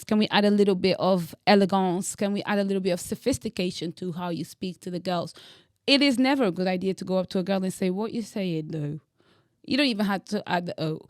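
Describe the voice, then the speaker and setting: A woman's voice: mid-range voice, no room sound, studio quality. Bold, teasing young woman vlogger. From Angola. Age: young adult. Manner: bold, teasing, dramatic emphasis. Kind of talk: opinionated direct-to-camera monologue.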